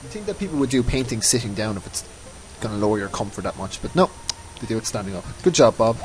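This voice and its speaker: A man's voice: fairly low pitch, expressive, fast, darkish tone, soft background music, low-quality recording. A man giving casual, rambling commentary over his own gameplay, often mocking himself. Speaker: let's play host.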